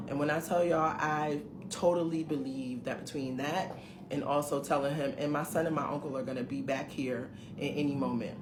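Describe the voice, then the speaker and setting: Her voice sits low and steady, moving at a normal speed, as the middle-aged vlogger tells viewers about a dating experience. She's at home indoors, animated, casual and emphatic in delivery. The clip carries roomy echo and a faint hiss in the background.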